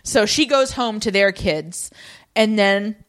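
A woman casually recapping a TV episode, telling the story in a lively way, acting out lines in playful voices, laughing and swearing now and then. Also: medium pitch, takes it slowly. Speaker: podcast co-host recapping a TV episode. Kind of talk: casual chat.

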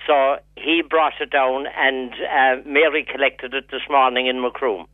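A man, a psychotherapist, speaking as a radio guest in a relaxed, wry manner. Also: medium pitch, measured pace, dry recording. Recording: tinny phone line.

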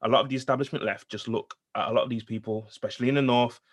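A man with a husky, slightly rough voice at a middle pitch. He debates politics in an easygoing chat but insists on finishing his point and repeats himself to keep the floor. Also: steady tone, very fast. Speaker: podcast co-host.

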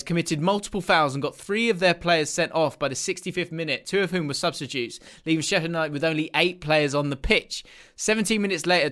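Reading through the fixtures on a casual football podcast, a young co-host rambles and breaks into laughter often. His voice is slightly high with a fairly bright tone.

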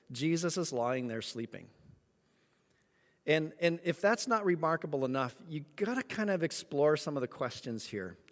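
A man preaching a sermon, telling a story with lively acted-out moments. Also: medium pitch, big-room sound. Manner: animated storytelling, acts out voices. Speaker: pastor.

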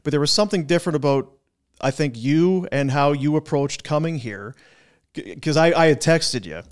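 A man's voice: fairly high pitch, moderate pace. A man co-hosting a sports radio show in a studio, asking questions in a chatty way with many restarts. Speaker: radio co-host. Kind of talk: radio interview.

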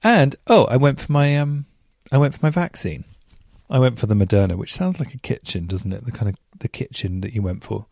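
Mellow man telling chatty stories. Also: mid-range voice, a little fast, gravelly, dry recording, clean studio sound. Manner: rambling, self-mocking asides and rhetorical questions. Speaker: podcast host. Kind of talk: casual chatty storytelling.

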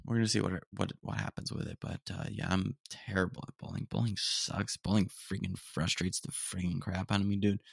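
A young man rambles through a casual solo podcast, piling on slang and mock outrage. His voice sits fairly low, and the sound is close and dry with no room in it. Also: little pitch movement, fairly quick, gravelly, few pauses, husky, dry recording. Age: young adult. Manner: rambling, slangy, says "dude" often, mock-indignant. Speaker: podcast host. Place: room at home, roommates nearby.

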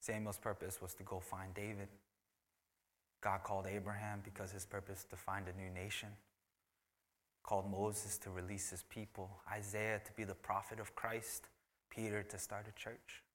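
A pastor delivering a sermon in a low, bright, forceful voice. He swings from loud emphasis down to near-whispers, and his words ring out with a long hall reverb. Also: little pitch movement, normal speed. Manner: shifts between loud emphatic preaching and hushed whispers.

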